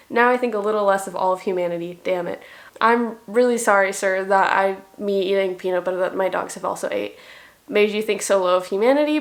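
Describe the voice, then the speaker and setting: A young woman reading comments aloud at home in a dry, self-mocking way. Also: mid-range voice. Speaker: vlogger.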